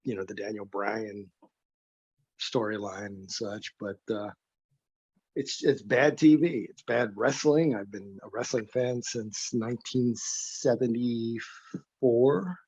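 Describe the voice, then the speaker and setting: A man's voice: mid-range voice, steady tone, slow, a little mellow, husky, no room sound. Guest, male, sardonic and blunt, self-deprecating jokes; dull, dry remote audio. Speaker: guest author. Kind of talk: casual podcast chat.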